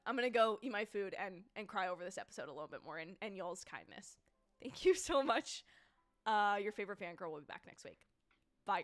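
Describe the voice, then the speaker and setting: Chatty, gushing young woman streamer. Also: medium pitch. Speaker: YouTube reviewer hosting a live reaction stream. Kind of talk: casual livestream chat.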